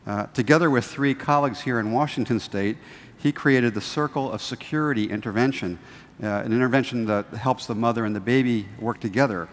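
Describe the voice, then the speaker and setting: A man moderating a panel, giving a measured formal introduction with frequent hesitations. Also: medium pitch, slight background noise. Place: large lecture hall. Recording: distant mic in a large reverberant hall.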